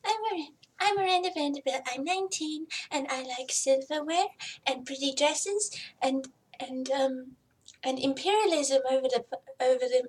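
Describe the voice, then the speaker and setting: A woman's voice: high voice, normal speed, distant mic, pitched above the performer's own voice, natural voice. A woman voicing a pompous, rich nineteen-year-old princess in a prim, sugary voice. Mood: haughty. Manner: haughty, self-satisfied.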